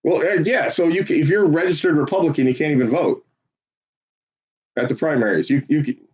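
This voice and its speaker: A man volunteering as a phone banker, chatting casually and swearing between calls, then switching to an upbeat salesman's pitch on the phone. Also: a little fast, darkish tone, breathy edge, muffled recording. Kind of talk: casual livestream chat with live phone calls.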